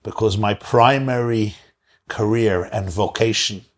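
A man voicing a calm, wise devout older prisoner who speaks with steady conviction. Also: fairly low pitch, measured pace.

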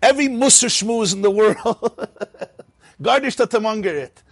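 A man with a somewhat high, husky voice teaches a Talmud class. His pitch swings widely as he tells the story, breaking into laughing asides and mixing Hebrew and Yiddish terms into his English. The sound is dry and close. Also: expressive, unhurried, no room sound. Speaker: Torah teacher.

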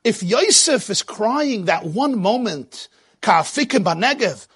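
A man's voice: high voice, animated, measured pace, a bit bright, slightly rough. A man giving a sermon in a dramatic delivery that rises and falls, quoting Hebrew verses.

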